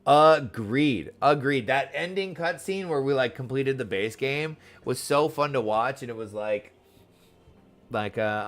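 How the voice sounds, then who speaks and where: A man's voice: medium pitch, unhurried, fairly bright tone. A man giving casual, openly emotional commentary while he plays a story game, chatty and full of filler words. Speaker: gaming streamer. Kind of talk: casual let's-play commentary. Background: faint game music.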